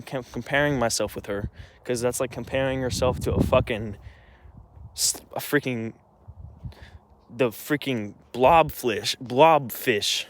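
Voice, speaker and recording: A man's voice: medium pitch, fairly bright tone. A young man telling a heated story to camera in an agitated, rambling way, with frequent restarts and swearing. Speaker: vlogger.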